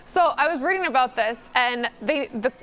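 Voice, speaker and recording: Female co-host, high voice, playful and giggly, casual news banter. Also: animated, normal speed, fairly bright tone. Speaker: talk show co-host. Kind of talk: casual entertainment news chat.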